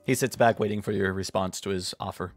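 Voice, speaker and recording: A man narrating as game master of a tabletop game, pausing often with hesitant ums. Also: lowish voice, fairly even intonation, soft background music.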